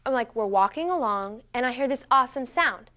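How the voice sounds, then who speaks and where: A woman tells a story as a scripted first-person monologue, chatty and dramatic, with a slightly high voice. She leans on casual fillers. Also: lively intonation, brisk, pushed and bright, slight background noise.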